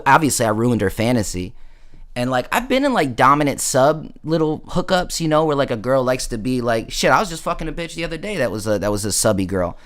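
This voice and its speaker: A man's voice: mid-range voice, a bit bright. A man hosting a casual late-night stream, telling a story in a slangy, rambling way, full of fillers and asides. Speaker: livestream host.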